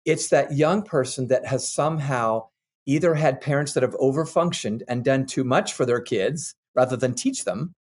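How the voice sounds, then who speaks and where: An older man, a parenting expert, telling earnest, animated anecdotes as a guest in a candid interview. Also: medium pitch.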